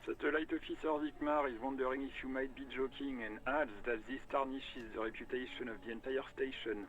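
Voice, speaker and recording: A man's voice: mid-range voice, fairly even intonation, brisk, muffled recording, close to an everyday voice. A man doing a dry, formal police dispatcher. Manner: formal radio talk, dry. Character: male police radio dispatcher, dry and by-the-book.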